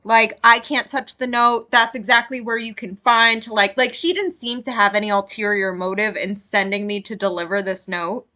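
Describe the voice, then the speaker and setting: A woman's voice: medium pitch, moderate pace, few pauses, pushed and bright. A woman player in a tabletop game, chatting hesitantly with many "like"s. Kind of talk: casual tabletop role-play.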